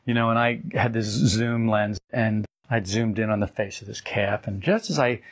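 An older man giving an informal spiritual talk as a teacher, telling stories and acting out quotes with his voice jumping higher. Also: normal speed. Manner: animated storytelling, acts out quotes with rising pitch. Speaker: esoteric teacher. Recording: dull lo-fi recording.

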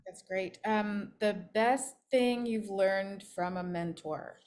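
A woman's voice: medium pitch, takes it slowly, darkish tone, a little hiss or hum. A woman interviewer asking a flutist questions with short, encouraging replies. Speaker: interviewer, flute coach.

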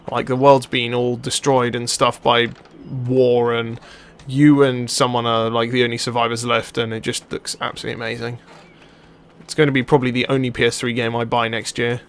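A young man giving live commentary over his own gameplay, chatty and excitable, swearing and shouting at the players on screen. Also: mid-range voice, normal speed. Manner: excitable, swears and yells at the game. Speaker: let's play commentator.

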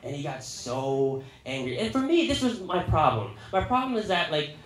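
A young man telling a personal story in casual, animated talk, full of likes and restarts. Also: fairly high pitch, moderate pace, roomy sound, slight background noise.

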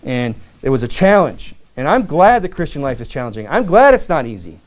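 A man from Michigan preaching a sermon, animated, with many asides and acted-out quotes. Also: mid-range voice, brisk. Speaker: pastor.

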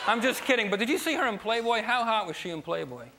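A young man from New Jersey doing a stand-up set on a late-night TV show, with punchy, energetic joke delivery and loud asides. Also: high voice, fast, a loud crowd, very noisy. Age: young adult. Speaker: stand-up comedian. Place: TV studio stage before a live audience. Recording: live TV studio with loud audience laughter.

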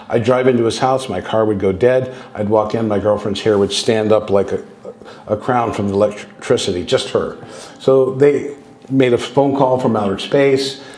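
A darkish, medium-pitched voice belongs to a man in his sixties, a guest speaker recounting contact experiences in loose, rambling anecdotes. He restarts sentences often and performs bits of dialogue, with a roomy, echoey recording.

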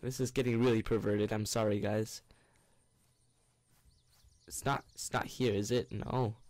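A man's voice: on the low side, flat delivery, a little slow, a little mellow, no echo. A young man giving goofy, rambling commentary on a game he is playing, with bursts of panicked shrieks. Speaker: gaming YouTuber. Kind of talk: let's play commentary.

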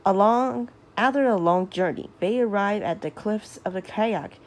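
A woman reading a children's storybook aloud, halting and restarting as she reads. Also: mid-range voice. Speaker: storybook reader.

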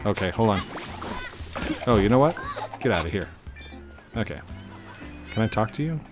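A man's voice: on the low side, animated, normal speed. A man hosting a casual let's-play, chatting and talking to himself as he plays. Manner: chatty, self-talking, restarts. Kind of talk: casual gameplay commentary. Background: game music.

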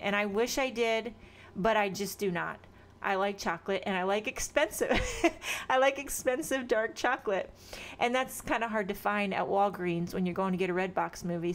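A woman's voice: medium pitch, fairly bright tone. A woman with children of her own, explaining a card-making craft step by step in a chatty, rambling way, with self-deprecating asides. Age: adult with children. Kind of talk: casual crafting tutorial.

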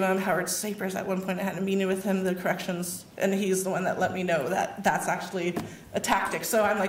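A woman giving a personal speech at a public event, telling her story in an animated way, full of laughs and acted-out quotes. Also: mid-range voice, a little hiss or hum. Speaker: award recipient giving a speech. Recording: echoey hall, mic far off.

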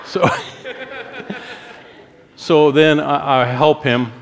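A man's voice: fairly high pitch, extremely slow, gravelly, some chatter behind. Middle-aged male pastor telling a story. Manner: animated storytelling, acting out his own stern quotes. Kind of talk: sermon with personal storytelling.

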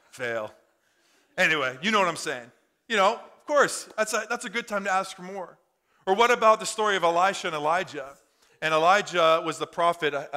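A man's voice: a little high, bright, forceful tone. A man preaching a sermon as pastor to his congregation, fervent and conversational. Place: church in front of a congregation.

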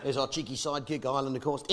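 A man's voice: a little high, vocal fry. A middle-aged man with an English accent doing brash, boastful, mock-patriotic stand-up comedy. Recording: live stand-up with audience noise.

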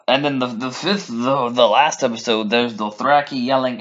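A man's voice: medium pitch, measured pace. A man ranting casually to camera as a vlogger, swearing often and putting on mock voices. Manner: animated, profane, mock voices for characters. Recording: dull lo-fi sound.

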